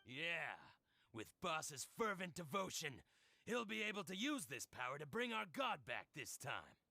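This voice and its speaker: A gravelly zealous cultist. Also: male voice, a little high, big pitch swings, unhurried, sharp tone, dry recording, exaggerated voice. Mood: earnest.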